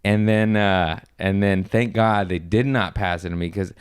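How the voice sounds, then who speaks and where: A young adult man in casual conversation, telling a comedy story with a low, clean, resonant voice. He talks loosely, swears, and mimics the people in his story. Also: moderate pace, smooth. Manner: animated storyteller who acts out others in high squeaky voices, swears often. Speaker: comedian, podcast guest.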